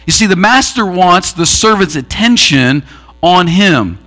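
A man's voice: high-pitched, lively intonation, a little slow, sharp tone. A man preaching a sermon, earnestly telling a parable and acting out its quoted voices. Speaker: pastor.

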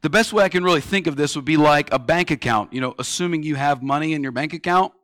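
A man in his thirties preaching a sermon, telling stories and swinging between loud, pressing lines and hushed ones. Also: fairly high pitch, quick pace, dry recording, studio quality. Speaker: pastor.

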